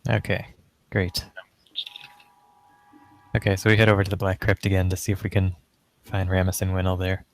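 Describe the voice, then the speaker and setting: Low flat-voiced male player. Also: moderate pace, long pauses, slight background noise. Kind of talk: casual tabletop game play.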